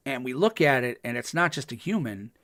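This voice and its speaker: A man hosting a podcast, recapping a TV episode in a casual, excited way, full of ums and restarts and acting out the characters' lines. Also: medium pitch, fairly quick, no echo, studio quality. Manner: chatty, with frequent ums and restarts. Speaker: podcast host.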